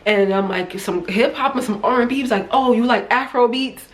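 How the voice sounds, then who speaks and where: A woman's voice: a little high, a little fast, noisy background. Chatty American woman telling travel stories. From United States, New Jersey. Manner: chatty, animated, acts out quoted voices. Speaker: travel vlogger. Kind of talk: casual storytelling to camera.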